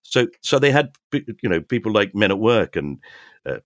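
Older man, guest storyteller, low voice with a wide lively swing, dry close sound. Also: moderate pace, no room sound. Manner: animated storyteller, acts out quoted voices. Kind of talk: casual anecdotes.

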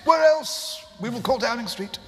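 Guy doing a hyper pushy radio prank guy, high and loud, roomy echo. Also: expressive, moderate pace, exaggerated voice. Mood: excited. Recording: live hall reverb with faint noise.

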